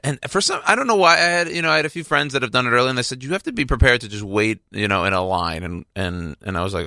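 A man's voice: medium pitch, animated, fast, gravelly, hardly any pauses, pushed and bright, dry recording. A young man from Texas hosting a radio show, telling a rambling story in casual chat with lots of restarts and talking into a studio microphone.

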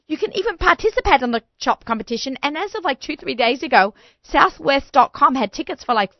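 A woman hosting a podcast, chatty and excitable, often repeating her words as she goes. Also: high voice, fairly quick, no room sound, lo-fi sound. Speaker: podcast host. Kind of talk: casual interview chat.

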